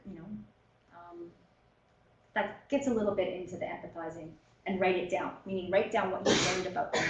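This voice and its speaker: A woman teaching a professional workshop in a relaxed, conversational way, with many fillers and short acted-out exchanges. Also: lowish voice, roomy sound, poor audio. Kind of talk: lecture to a professional audience. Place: meeting room.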